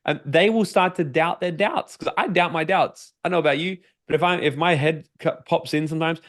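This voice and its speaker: Energetic Australian coach, swearing freely. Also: male voice, fairly high pitch, a little fast, hardly any pauses. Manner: energetic, swears freely, acts out his own inner voice. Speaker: personal development coach. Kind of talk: podcast interview guest.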